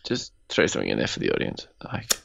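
A man's voice: fast, a bit bright, muffled recording. A man co-hosting a casual gaming chat, teasing his friend with jokey banter. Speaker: podcast co-host.

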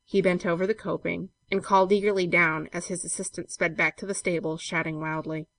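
A woman reading a classic story aloud in a measured, steady way. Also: fairly low pitch. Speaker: narrator.

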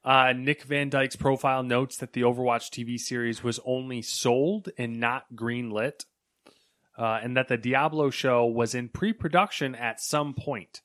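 A man's voice: medium pitch, fairly even intonation, measured pace, a bit bright, no room sound. Young man reading gaming news, dry. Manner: reads news items with filler ums. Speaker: podcast co-host reading news. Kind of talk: casual chat and news reading.

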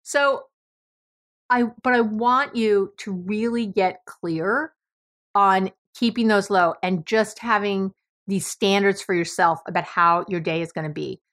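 A woman's voice: mid-range voice, a little slow, a bit bright. A middle-aged woman from New York with a New York accent, hosting a podcast in a blunt, emphatic monologue and swearing freely. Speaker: podcast host.

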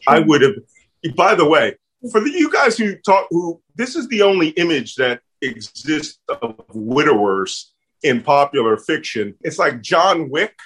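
A man's voice: fairly high pitch, unhurried, slightly rough. A middle-aged man with a Philadelphia accent, telling stories in a conversational interview and acting out the voices he quotes. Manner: animated storyteller, acts out quoted voices. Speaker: guest.

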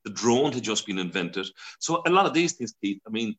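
Chatty Irish man with a bright voice. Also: lowish voice, lively intonation, a little fast. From Ireland. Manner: chatty, laughs often, acts out voices in his stories. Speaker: broadcaster and interview guest. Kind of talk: casual storytelling interview.

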